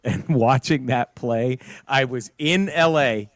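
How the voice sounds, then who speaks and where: A man co-hosting a podcast, chatting casually about sports, swearing and breaking into loud, laughing rants. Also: medium pitch, slow, dry recording, studio quality. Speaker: podcast co-host.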